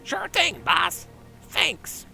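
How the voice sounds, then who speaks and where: A man voicing a greedy, scheming male goblin smuggler boss over game audio, with a raspy, nasal, theatrical delivery. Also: very high-pitched, wildly swooping pitch, drawn-out words, bright, forceful tone, soft background music, pitched above the performer's own voice, heavily acted, rough recording.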